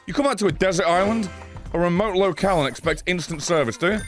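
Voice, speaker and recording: A man in his thirties narrates his gameplay live, swearing and ranting at everything on screen. His voice sits a little high and swings wildly up and down as his frustration builds. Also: expressive, normal speed, faint music behind. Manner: sweary, exasperated ranting at the game. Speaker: gaming streamer. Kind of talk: live game commentary.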